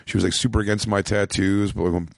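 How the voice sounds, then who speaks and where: A rambling man trades stories in loose podcast chat and leans on "like" constantly. His voice sits low, and the sound is dry and close, with no room around it. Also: flat delivery, fast talker, vocal fry, no echo. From Philadelphia, USA. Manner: rambling storyteller, lots of "like" fillers. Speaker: comedian, podcast guest. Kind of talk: casual chat.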